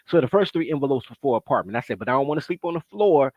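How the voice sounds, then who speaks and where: A man telling a long personal story in casual podcast chat, animated and profane, acting out the people he quotes. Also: medium pitch, racing, no room sound, narrow, tinny audio.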